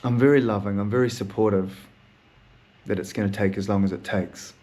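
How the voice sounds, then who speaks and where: A man's voice: on the low side, fairly even intonation, fairly quick, a little mellow. A man hosting his own podcast in a candid solo monologue, melancholy, rambling and swearing a lot, laughing now and then as he talks. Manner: rambling, heavy swearing, laughs through sad talk. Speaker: podcast host; therapist.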